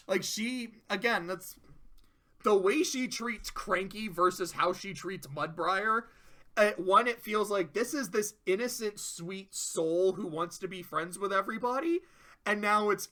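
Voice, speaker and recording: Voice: mid-range voice, very animated, a little slow, sharp tone. Rambling, profane cartoon reviewer. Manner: rambling, profane, laughing asides. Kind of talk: casual video commentary.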